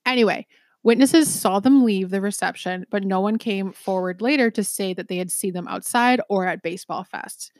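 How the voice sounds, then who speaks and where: A woman's voice: mid-range voice, darkish tone, no room sound, studio quality. A woman co-hosting a podcast, telling a true-crime case casually with many ums and restarts. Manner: chatty, many ums, swears, quick laughs. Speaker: podcast co-host.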